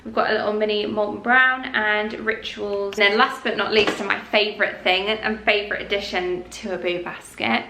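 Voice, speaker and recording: A woman's voice: mid-range voice, steady tone, normal speed, gravelly, hardly any pauses, echoey room, noisy background. A woman chatting casually to camera as a lifestyle vlogger, laughing at herself now and then.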